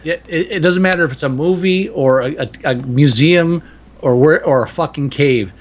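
Man, casual co-host, dry and blunt with quick jokes. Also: fairly high pitch, highs cut off. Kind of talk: casual chat.

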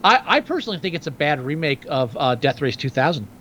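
A man's voice: on the high side, big pitch swings, fast, a bit bright, a little hiss or hum. A man co-hosting a casual film discussion podcast, joking and wry, laughing at his own remarks. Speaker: podcast co-host.

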